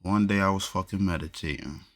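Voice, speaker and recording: A man's voice: low voice, steady tone, brisk, fairly bright tone. A man from New Jersey in casual chat, telling a loose, profane story with lots of slang.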